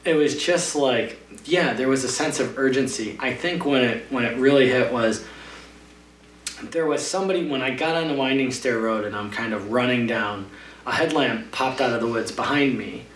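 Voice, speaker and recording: A man's voice: mid-range voice, normal speed, a bit bright. A man casually telling a long trail race story in a podcast interview, rambling with lots of fillers. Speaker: trail runner guest. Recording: roomy, distant mic with faint hum.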